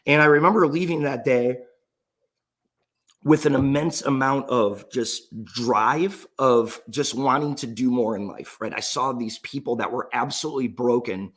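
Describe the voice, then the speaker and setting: A man's voice: mid-range voice, unhurried, fairly bright tone. A man in his thirties, an entrepreneur, telling his personal story in an earnest, emotional way, often restarting his sentences. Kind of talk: motivational personal story talk.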